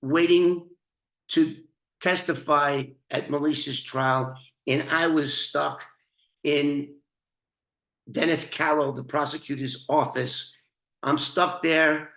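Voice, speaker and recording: A man tells a story from his own life in a slow, unhurried way. His voice sits a bit high, and he is blunt and swears freely, with restarts and throat-clearing. The room around him is roomy and echoey. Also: fairly even intonation, fairly bright tone. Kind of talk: casual storytelling.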